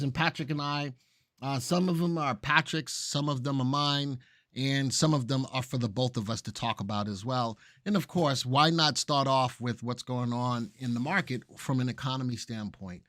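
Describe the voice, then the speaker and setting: A man's voice: mid-range voice, dry recording, studio quality. A man co-hosting a live market show, chatting casually and reading viewer comments aloud. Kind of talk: casual live-stream chat.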